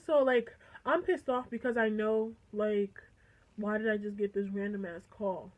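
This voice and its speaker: A teenage girl with a slightly high voice tells a story to the camera in an animated, chatty way. She slips into quoted dialogue and swears freely. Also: moderate pace, rough recording. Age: teens. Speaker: vlogger. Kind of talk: casual storytime.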